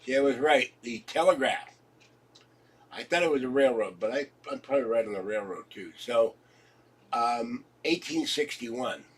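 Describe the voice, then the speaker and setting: A man's voice: medium pitch, normal speed, slightly rough, far from the mic, poor audio. A congested man chatting casually for his home video, joking and chuckling as he rambles from topic to topic. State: congested, coughing. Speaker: vlogger.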